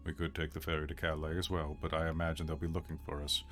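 A man's voice: a bass voice, monotone, fast talker, fairly bright tone, soft background music. A man speaking as a player in a tabletop role-playing game, mixing easygoing chat with lines spoken in character.

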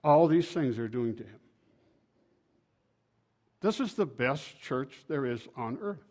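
A man preaching a sermon, retelling scripture in a folksy, conversational way with sharp swings from loud to quiet. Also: medium pitch, lively intonation, takes it slowly.

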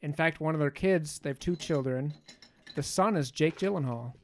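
A man's voice: a little high, normal speed. A man hosting a podcast, casually recapping a movie in a loose, profane way with joking asides. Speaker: podcast host.

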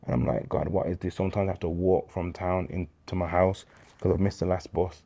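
A man in his thirties with a very low, deep voice. He tells his faith story as an interview guest, in street slang, and acts out the dialogue. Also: fairly even intonation, brisk, warm tone. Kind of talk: candid faith testimony.

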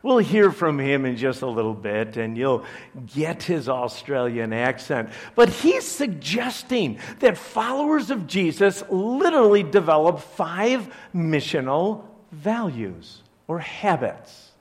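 A man's voice: on the high side, sing-song, slow pace. A man from Chicago, a pastor, preaching a conversational sermon to his church with joking asides. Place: church service.

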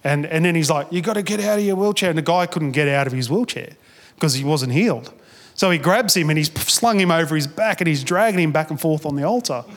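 A man's voice: fairly high pitch, fairly quick, a bit bright, long reverb tail. A man preaching a sermon as a pastor, telling stories in a casual, chatty way with restarts and quoted asides. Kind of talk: sermon storytelling.

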